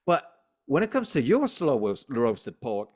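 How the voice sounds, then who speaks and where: A man's voice: medium pitch, huge pitch swings, measured pace, darkish tone. A man voicing a chatty Texan woman with a put-on Southern accent, praising barbecue. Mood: gushing.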